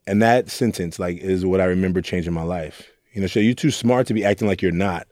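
This young Oakland youth mentor has a deep, darkish voice and talks a little fast with few pauses. He shares candid, earnest reflections in an interview, quoting others along the way, over clean, echo-free studio audio.

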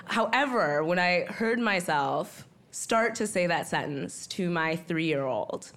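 A woman's voice: lowish voice, a bit bright. Laughing woman telling a stage story. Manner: chatty, laughing often. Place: stage at an open-mic story slam.

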